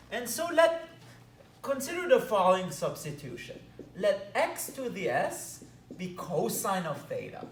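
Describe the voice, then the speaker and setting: With a Belgian accent and obvious enthusiasm, a man lectures on math at a whiteboard, adding playful side comments. His voice swings animatedly in pitch but never hurries, keeping a deliberate tempo. The sound comes from a far-off mic in a reverberant room, a faint hum behind it.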